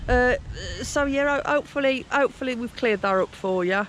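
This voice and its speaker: A woman's voice: high voice, fairly quick, slight background noise. A chatty woman with a Black Country accent talks casually to camera outdoors on a canal towpath. She rambles, stops and restarts her sentences, and fills the gaps with plenty of ums. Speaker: cycling vlog host. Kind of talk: casual outdoor vlog chat.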